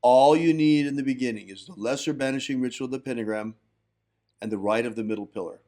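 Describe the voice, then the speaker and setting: A man's voice: medium pitch, fast talker, warm tone. A man hosting a livestream and giving firm, instructive teaching on ritual practice. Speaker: host, magick teacher.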